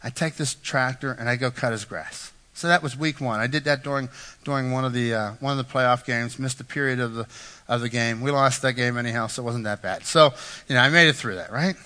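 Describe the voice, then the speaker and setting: Bright-voiced middle-aged pastor in echoey hall. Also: male voice, medium pitch, a little fast. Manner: animated, self-deprecating anecdotes with frequent "right?" asides. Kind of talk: storytelling sermon.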